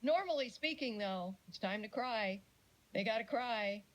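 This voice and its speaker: A middle-aged woman giving a casual lecture on parenting, chatty and animated, with jokey asides and little acted-out quotes. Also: on the high side, measured pace, low-quality recording. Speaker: speaker giving a talk on parenting.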